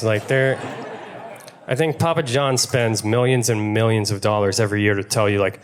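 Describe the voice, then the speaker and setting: A young male stand-up comedian from Pittsburgh delivers his set with wry, deadpan timing. His voice sits on the low side. His tone is dry and matter-of-fact. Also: normal speed. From Pittsburgh, USA.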